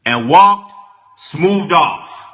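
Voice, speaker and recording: A young man telling a comic story as a vlogger, animated and repetitive, stumbling over restarts. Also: on the high side, extremely slow. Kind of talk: comedic storytelling rant. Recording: echoey room.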